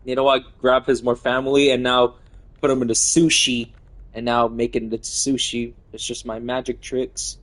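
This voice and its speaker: A man's voice: medium pitch, flat delivery, normal speed, fairly bright tone. A man in his twenties streaming a game live, rambling through the action, laughing often and swearing. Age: 20s. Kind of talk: casual live game narration.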